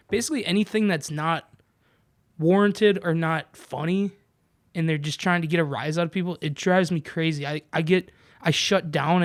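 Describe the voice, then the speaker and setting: A man's voice: fairly high pitch, no echo, clean studio sound. A man hosting a podcast who chats casually, bluntly and swears freely. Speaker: podcast host. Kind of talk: casual chat.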